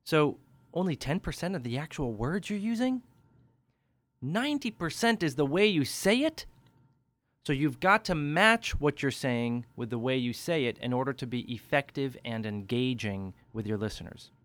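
A man's voice: medium pitch, animated, moderate pace, a bit bright, dry recording. A man coaching public speaking in a podcast tip, talking energetically and pushing his inflection up and down for emphasis. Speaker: speech coach.

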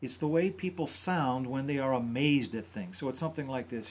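A man's voice: mid-range voice, a little fast, few pauses, slightly rough. A man commenting on a radio talk show, analyzing politicians' speaking styles in detail. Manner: analytical, imitates speech patterns. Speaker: voice and speech commentator.

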